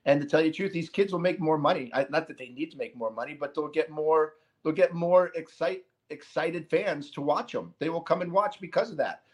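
Man, podcast host, animated and emphatic, slightly higher voice, casual sports chat. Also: husky. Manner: animated, emphatic, quick asides.

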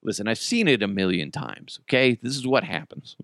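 A man's voice: fairly low pitch, lively intonation, moderate pace, fairly bright tone, dry recording, studio quality. A man hosting a comedy podcast, talking in a crude, joking, rambling way. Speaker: podcast host.

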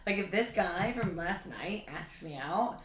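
A woman's voice: lowish voice, lively intonation, a little slow. A young woman co-hosting a podcast, telling stories in a chatty way and laughing easily. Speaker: podcast co-host. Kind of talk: casual chat. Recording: echoey room.

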